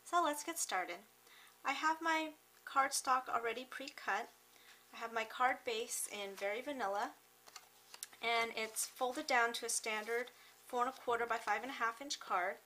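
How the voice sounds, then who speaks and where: A woman hosting a card-making tutorial, talking through each step in a chatty, unhurried way with small fillers and self-corrections. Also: fairly high pitch, bright, forceful tone, a little hiss or hum, low-quality recording. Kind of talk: step-by-step craft tutorial narration.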